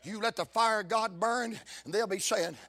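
A man preaching a fiery sermon, rhythmic and building to shouts. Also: high voice, moderate pace.

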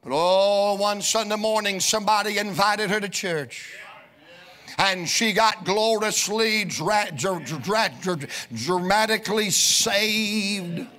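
Male pastor, high-pitched and bright, fervent preaching with sung, shouted cadences in a church. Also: takes it slowly. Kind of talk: sermon.

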